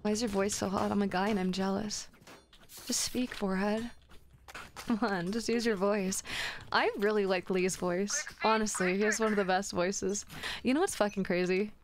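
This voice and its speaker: A woman's voice: medium pitch, fairly even intonation, normal speed, a little hiss or hum. Giggly, cursing young woman streamer.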